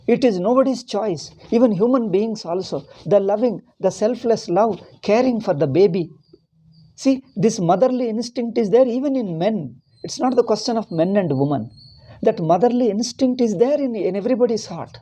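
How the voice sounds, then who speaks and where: Middle-aged Indian spiritual teacher, warm and husky, preaching with restarts and heat. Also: male voice, sits high, low-quality recording. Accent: Indian English. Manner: rambling and impassioned, with many restarts. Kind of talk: religious discourse.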